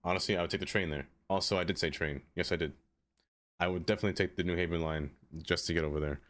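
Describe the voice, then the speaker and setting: A man with a fairly low voice chats casually on a live stream and talks to viewers by name. He rambles, drifts between thoughts and fills his sentences with "like." His tone is loose and easygoing, never scripted. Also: steady tone, quick pace, a bit bright. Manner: rambling, chatty, answers viewers by name, many "like" fillers. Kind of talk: casual live-stream chat while playing a city-building game.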